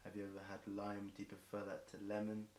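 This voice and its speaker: Rhyming fast and off the cuff, a young English streamer pushes through a marathon song in a low monotone. He rambles, self-corrects and fills gaps with ums and restarts, his voice a bit worn and hoarse. The room is echoey, with faint hiss.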